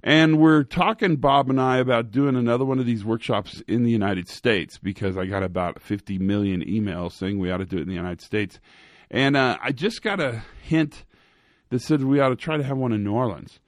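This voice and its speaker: A man hosting a podcast in a casual, rambling monologue, joking at his own expense and filling pauses with ums and restarts. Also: medium pitch, no echo, studio quality. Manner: rambling, self-mocking, with frequent fillers and restarts. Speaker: podcast host. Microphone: studio microphone.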